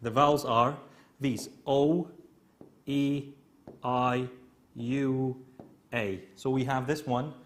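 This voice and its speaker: A man with a mid-range, steady voice and a Kurdish accent, a native Kurdish speaker, teaches an English grammar lesson. He explains step by step, slowly and repetitively, checking in often with "okay?"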